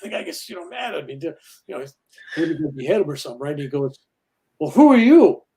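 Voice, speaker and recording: Animated, mellow-voiced older man preaching. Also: fairly high pitch, very fast. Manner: earnest, animated storytelling with quoted voices. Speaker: guest minister. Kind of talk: spiritual interview talk.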